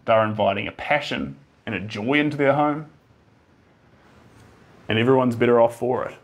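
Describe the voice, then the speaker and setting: A man in his thirties with a New Zealand accent, a painter chatting casually on a live stream, rambling and reading out viewer comments with a fairly even drawl. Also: medium pitch, moderate pace. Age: 30s. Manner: self-described monotone drawl.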